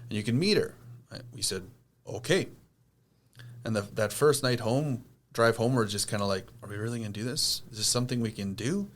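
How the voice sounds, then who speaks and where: A man hosting a podcast, telling a personal story casually and acting out the people in it. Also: medium pitch. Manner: animated, acts out quoted people. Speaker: podcast host.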